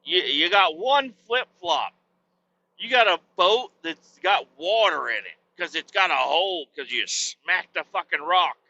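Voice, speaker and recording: A man's voice: sits high, expressive, a little slow, sharp tone, muffled recording. A man hosting a podcast and telling a rowdy, profane, rambling comic story. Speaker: podcast host.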